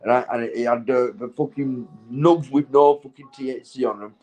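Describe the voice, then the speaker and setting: A man talks in a loose, rambling vlog monologue while stoned. He swears constantly, drifts between thoughts, and breaks into laughter. His voice sits at an ordinary, mid-range pitch. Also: normal speed, a little mellow, faint music behind, poor audio. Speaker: vlogger.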